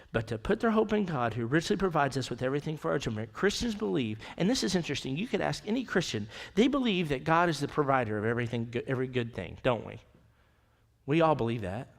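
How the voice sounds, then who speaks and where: A man's voice: mid-range voice, gravelly, big-room sound. A man preaching a conversational sermon as pastor, often dropping to a near whisper for emphasis. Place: church sanctuary.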